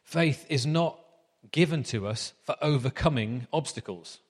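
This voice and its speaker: A man's voice: medium pitch, a little slow. Guy 30s preaching, chatty and self-mocking, lots of ums, long echo from a big hall. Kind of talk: sermon with anecdotes.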